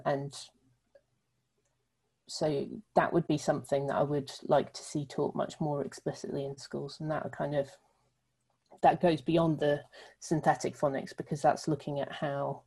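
A woman from the UK answers interview questions in a thoughtful, explanatory way. Her voice is low and mellow, and she pauses often on ums as she works through her points. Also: flat delivery, slightly rough, low-quality recording. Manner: thoughtful, filler-heavy explaining. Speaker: literacy researcher guest.

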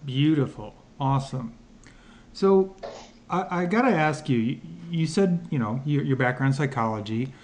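A man hosting a podcast interview, enthusiastic and quick with affirmations. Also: mid-range voice, expressive. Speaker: podcast host. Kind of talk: casual interview chat.

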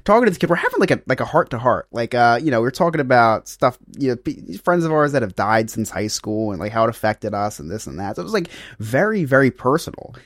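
A man in his thirties co-hosts a podcast, spinning a casual story full of fillers and self-mocking asides. His voice sits at a middling pitch and sounds close and dry. He rambles along like he's chatting with friends. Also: big pitch swings, quick pace, hardly any pauses, no room sound. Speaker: podcast co-host.

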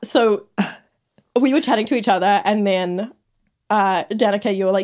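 A young woman co-hosting a podcast, with a mid-pitched, everyday voice. She tells stories bluntly and cheekily, swearing easily and acting out the lines people said to her. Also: steady tone, normal speed, a little mellow. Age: young adult. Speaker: podcast co-host. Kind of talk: casual storytelling chat.

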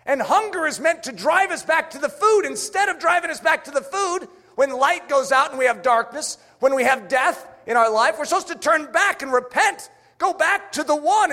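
A male preacher with a high, very lively voice delivers an emphatic sermon and hammers home his rhetorical questions. A long hall reverb trails after each phrase, as in a church sanctuary.

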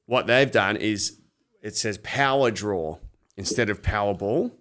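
Sweary Australian bloke, low voice. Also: male voice, expressive, a little slow, a bit bright. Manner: sweary, laughs often. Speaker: podcast co-host. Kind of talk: casual sports betting chat.

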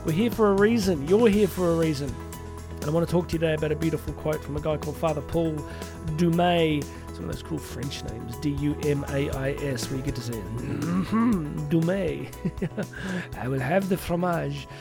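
A man hosting an inspirational podcast for teachers, speaking warmly with playful asides and slowing down for emphasis. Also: a little high, fairly even intonation, over music. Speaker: podcast host.

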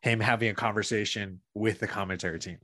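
Slangy, relaxed male co-host. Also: fairly low pitch, fast, no room sound. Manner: loose slangy talk. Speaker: podcast co-host. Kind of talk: casual chat.

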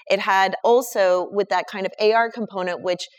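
A woman's voice: medium pitch, steady tone, normal speed. A woman, talking casually in an online audio chat and eagerly recommending people and resources. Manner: enthusiastic, emphatic, recommends people one by one. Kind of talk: casual chat giving advice.

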